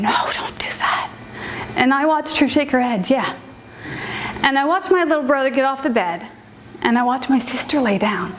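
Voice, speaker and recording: With slight background noise behind her, a woman whose voice sits high recounts a personal story to a live audience. Her telling is casual and animated, peppered with fillers.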